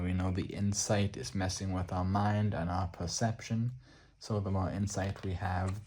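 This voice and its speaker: An Irish man hosting a soft-spoken art book showcase, relaxed and hesitant, pausing often with fillers. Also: sits low, a little hiss or hum. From Ireland. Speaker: art book channel host.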